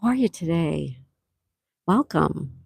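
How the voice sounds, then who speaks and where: This middle-aged woman's voice is deep, gravelly, and slightly rough, and she speaks slowly but with animation. She's running a relaxed livestream by calm water outdoors, softly reading out viewer comments and offering sweet exclamations of thanks. The audio is dry.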